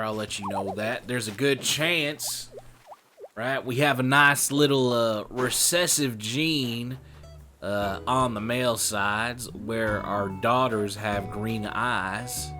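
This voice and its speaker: Rambling, profane man with a lowish voice. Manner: rambling, profane, keeps calling the listener brother. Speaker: streamer. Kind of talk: casual stream chat.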